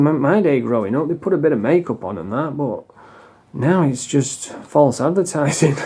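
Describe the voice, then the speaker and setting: A man's voice: on the high side, mellow, husky. A middle-aged man with a Yorkshire accent, ranting bluntly and swearing freely in a monologue vlog. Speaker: vlogger.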